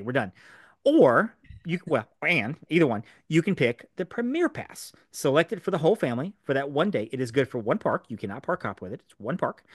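A man co-hosting a podcast in a studio, explaining things in a fast, animated way with lots of fillers. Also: mid-range voice, no echo. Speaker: podcast co-host. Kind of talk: casual podcast chat.

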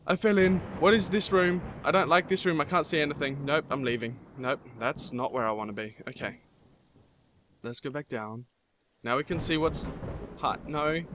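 A man's voice: a little high, a bit bright, a little hiss or hum. A man giving nervous let's-play commentary through a horror game map, easily scared and talking to the monsters he meets. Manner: jumpy and easily scared, panicked bursts of no. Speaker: gamer playing a horror map.

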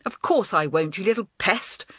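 A woman's voice: medium pitch, animated, normal speed, husky, no echo, studio quality. A woman voicing a rude, spoiled young actress who snaps with contempt. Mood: contemptuous. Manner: contemptuous, sharp, snapping.

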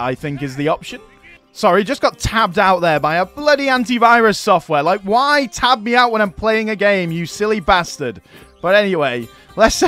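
A man doing chatty let's play commentary, self-mocking and given to bursts of excited cheering. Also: high voice. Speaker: game commentator.

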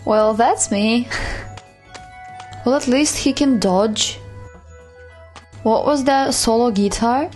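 A woman's voice: a little high, slow pace, long pauses, a little mellow, soft background music. A woman giving chatty, playful let's-play commentary, cooing at a virtual pet. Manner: chatty, playful, talks to her pet like a baby. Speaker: gaming YouTuber.

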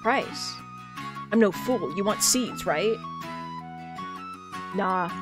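A woman's voice: mid-range voice, lively intonation, very slow, music in the background. Lady putting on a scottish squirrel bard, wheedling and folksy, sly little guy. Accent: attempted Scottish.

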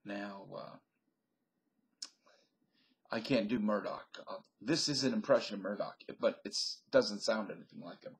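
A man's voice: lowish voice, measured pace, pauses often, poor audio. An older man rambling through a stream-of-consciousness comedy monologue into a webcam at home, laughing at his own jokes. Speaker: vlogger.

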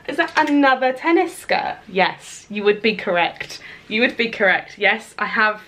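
A woman, chatting excitedly and casually through a clothing haul, swearing now and then. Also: mid-range voice. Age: 20s. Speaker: fashion vlogger.

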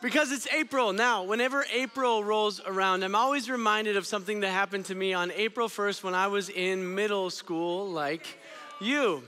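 A young man giving an energetic, storytelling youth sermon. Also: high voice, normal speed, clean tone, in a large hall. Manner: energetic, storytelling, drops to quiet intensity. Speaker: student ministry speaker. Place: church auditorium.

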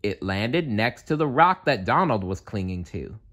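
Man reading a bedtime story, slow and lively. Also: lowish voice. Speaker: storybook reader.

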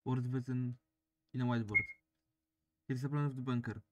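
A man's voice: mid-range voice, level tone, quick pace. A man playing a video game, reading the on-screen text aloud and joking between lines. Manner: reads game text aloud and jokes with himself. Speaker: let's play gamer.

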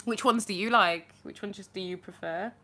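A woman's voice: mid-range voice, moderate pace. A woman, chatting casually and rambling through viewer questions in a vlog. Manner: chatty, rambling, lively asides. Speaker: vlogger answering viewer questions. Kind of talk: casual chat.

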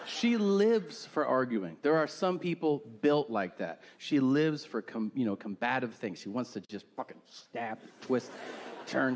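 A man in his forties doing a crude, deadpan stand-up comedy set on a theater stage, acting out quotes in his stories. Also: medium pitch, noisy background. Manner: brash, crude, deadpan storytelling with acted-out quotes.

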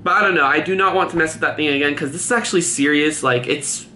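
A young man with a Californian accent vlogging casually, excitable and full of "like". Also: a little high, quick pace, echoey room, a little hiss or hum. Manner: excitable, says "like" a lot, gets scared and loud. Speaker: YouTube vlogger. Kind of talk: casual vlog talk. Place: room at home.

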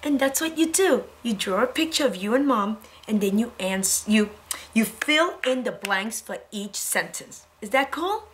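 A woman's voice: on the high side, expressive, measured pace, a little hiss or hum. A woman teaching a preschool lesson to young children, in a cheerful sing-song way.

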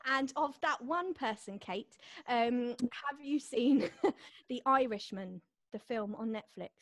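A woman's voice: fairly high pitch, slow pace, no room sound. A woman comedian doing a stand-up set over a video call, chatting with the audience in a bubbly way.

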